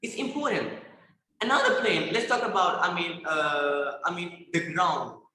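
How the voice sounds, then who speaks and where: A teenage Senegalese boy argues in a debate round over a video call, his voice high and ringing bright. He presses his point with rhetorical questions and often trips over repeated words. The room around him is echoey. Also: unhurried. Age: teens. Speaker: student debater. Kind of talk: competitive debate speech.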